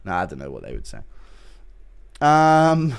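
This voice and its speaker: Lively joking young man streamer. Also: deep voice, measured pace, creaky, clean tone. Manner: crude, joking, laughs often, many fillers. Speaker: streamer reading chat. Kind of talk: casual livestream chat.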